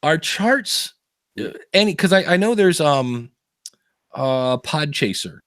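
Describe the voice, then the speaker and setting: A man's voice: fairly high pitch, lively intonation, slow, a bit bright, no room sound, studio quality. A man co-hosting a podcast, telling stories in casual chat, laughing often. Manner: chatty storyteller, laughs often, many fillers. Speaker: podcast co-host.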